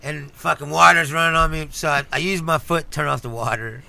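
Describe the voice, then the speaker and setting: A man's voice: fairly high pitch, steady tone, brisk, gravelly, sharp tone, dry recording. A man telling a rambling story on a casual comedy podcast, often laughing and swearing as he goes. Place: studio.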